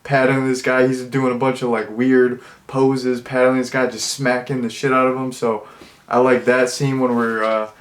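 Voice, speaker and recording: A man's voice: medium pitch, level tone, moderate pace. A young man giving a casual, rambling movie review, full of fillers and restarts.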